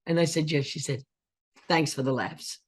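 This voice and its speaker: An older woman, a guest actress, chatting in an interview with a husky voice, acting out the voices of people in her stories. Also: low-pitched, moderate pace. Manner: animated storyteller who acts out quoted voices. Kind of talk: casual interview chat.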